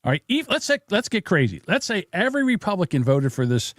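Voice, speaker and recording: A man's voice: high voice, sing-song, fast, fairly bright tone, no echo, studio quality. An older man co-hosting a podcast, telling rambling stories and giving blunt, opinionated takes in casual chat. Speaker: podcast co-host.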